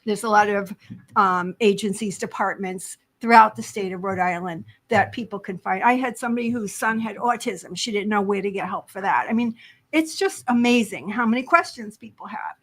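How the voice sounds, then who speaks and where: A woman's voice: medium pitch, normal speed, fairly bright tone. An older retired woman volunteering as a community advocate, chatting eagerly and at length in a talk show interview, often laughing. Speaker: library volunteer advocate guest.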